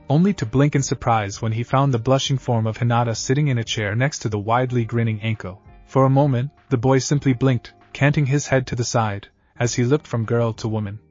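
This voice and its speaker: A man reading scripted fan fiction narration in a steady, even way. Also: medium pitch. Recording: dull lo-fi audio with faint music.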